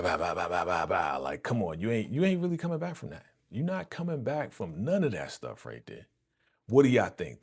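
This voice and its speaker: A man hosting a live reaction stream, excitedly retelling a TV episode in slangy, chuckling casual talk. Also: lowish voice.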